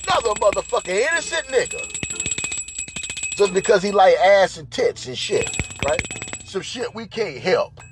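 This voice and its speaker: A man hosts a profane, rambling comedy rant, forever checking in with "right?" His voice sits high and swings animatedly. Faint music plays behind him. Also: expressive, moderate pace, long pauses. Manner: crude, rambling, repeats "right?". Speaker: podcast host.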